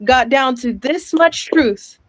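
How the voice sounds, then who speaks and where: A woman in her thirties giving an impassioned, emotional speech, loud and breaking into laughter, overwhelmed and apologetic. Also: high voice, animated, slow, no room sound. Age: 30s. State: sweating, overwhelmed. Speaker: guest speaker.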